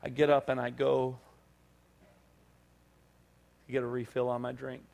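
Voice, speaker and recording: Man preaching an animated story sermon. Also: mid-range voice, a little slow, gravelly. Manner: animated storytelling, acting out dialogue. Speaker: pastor. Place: church service.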